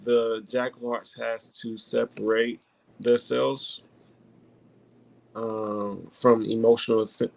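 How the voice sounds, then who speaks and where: Casting: man with a gravelly edge, casual panel talk, hesitant, full of restarts. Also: mid-range voice, flat delivery, a little mellow. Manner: halting, many fillers and restarts. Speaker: panelist discussing card readings. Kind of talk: casual group chat.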